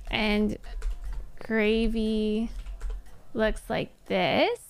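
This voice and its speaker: Chatty American woman streamer, slow-paced. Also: mid-range voice, flat delivery, vocal fry, clear, resonant tone. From United States. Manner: chatty, laughs often, explains with asides. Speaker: gaming streamer. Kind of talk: casual chat while playing a game.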